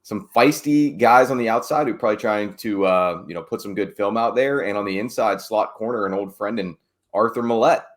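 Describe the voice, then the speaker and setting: A man's voice: lowish voice, fairly quick. A man, a team beat reporter, chatting casually on a sports podcast with wry, digressive asides.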